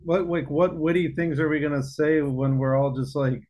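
A man's voice: on the high side, fairly even intonation, normal speed, a little mellow. A young man co-hosting a podcast, trading wry, teasing banter in casual chat. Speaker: podcast co-host.

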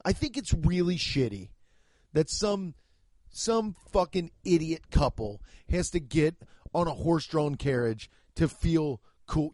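Man, 30s, podcast host; sweary, mocking rant; high-ish voice, dry close mic. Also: big pitch swings, measured pace, darkish tone, no room sound. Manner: profane, ranting, mocking.

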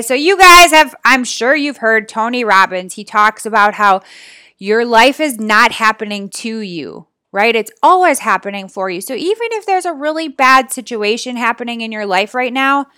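A woman in her thirties hosting a motivational talk, energetic and chatty, often exclaiming and asking her listeners questions. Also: on the high side, no room sound, studio quality. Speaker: podcast host and business coach.

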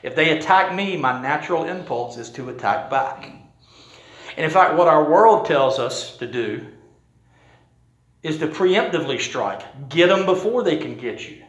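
A man's voice: on the high side, animated, a little slow. A man preaching a sermon as pastor, telling a story in a conversational way. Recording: roomy echo.

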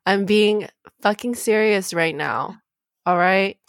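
A young woman in casual podcast chat, talking bluntly and swearing often. She leans hard on her points and is quick to insist she's serious. Her voice sits in a middle range and sounds close and dry, with no room around it. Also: mid-range voice, vocal fry, clean tone, no room sound. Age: young adult. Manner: blunt and profane, emphatic. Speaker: podcast co-host.

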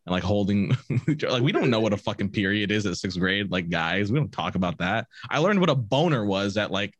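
A man's voice: lowish voice, expressive, fairly quick, no echo, muffled recording. A young man chatting loosely, full of swearing and restarts. His voice rises and falls a lot, and he sounds close and dry with no room at all. He keeps breaking into laughter as he goes. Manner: rambling, profane, laughing storytelling with many restarts. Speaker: storyteller. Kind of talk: casual chat.

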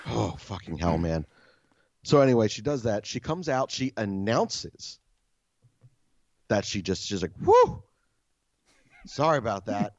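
A man casually telling a story as a podcast host, animated and exasperated, swearing often. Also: high voice, background noise.

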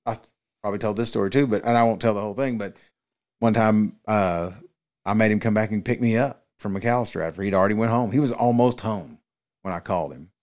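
A man's voice: fairly low pitch, quick pace, darkish tone. A man, co-hosting a podcast, telling rambling, profane stories and acting out quotes. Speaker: podcast co-host. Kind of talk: casual chat, storytelling.

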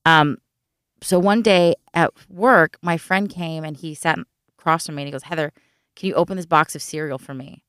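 A woman co-hosting a podcast, telling stories in a lively way and acting out what people said. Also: low-pitched, moderate pace, clean tone, dry recording, studio quality. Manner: animated storyteller acting out quotes. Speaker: podcast co-host. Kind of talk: casual chat.

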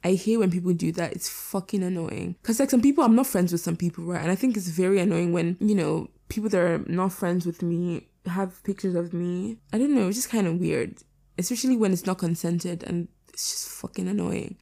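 A teenage girl hosting her own podcast, talking casually and a bit hoarse, with lots of fillers and casual swearing. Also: fairly low pitch, fairly quick, dark tone. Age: teens. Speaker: podcast host. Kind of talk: casual solo podcast chat. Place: lying down indoors.

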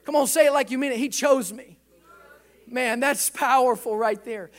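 Male pastor, 30s, high-pitched, impassioned church sermon. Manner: impassioned preaching, swelling louder at climaxes. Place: church sanctuary.

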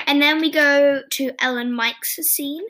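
A woman hosts a podcast, recapping scenes in a loose, chatty ramble full of restarts and self-corrections. Her voice sits high. She talks casually, as if chatting with friends. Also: steady tone, a little slow, bright, forceful tone. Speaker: podcast host.

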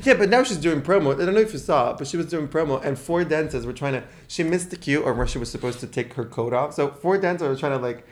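A man's voice: fairly high pitch, fast talker, hardly any pauses, a little hiss or hum. A man co-hosting a podcast in casual chat, telling gossip in a campy way and slipping into playful put-on voices. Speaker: podcast co-host.

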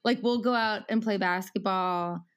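A woman's voice: mid-range voice, moderate pace, smooth. A woman in her thirties talking casually as a podcast guest, rambling with many fillers and frequent laughs.

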